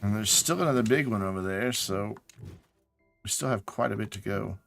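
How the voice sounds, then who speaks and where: A man's voice: on the low side, moderate pace, vocal fry, fairly bright tone, faint music behind. A man casually chatting to his viewers while playing a game on a live stream, sounding tired and yawning. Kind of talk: casual live gameplay chat.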